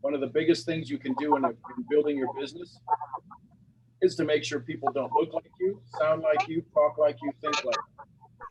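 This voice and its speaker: A man hosting a coaching call, talking in an energetic, encouraging way. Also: a little high, moderate pace, lo-fi sound, noisy background. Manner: energetic, encouraging, talks to the audience directly. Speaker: coaching show host.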